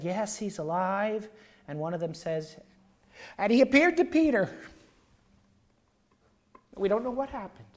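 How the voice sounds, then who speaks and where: A preacher in full flow, addressing the congregation with dramatic swings in volume. Loud, urgent pleas give way to hushed, intimate asides. The voice sits at an ordinary middle pitch. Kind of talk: sermon.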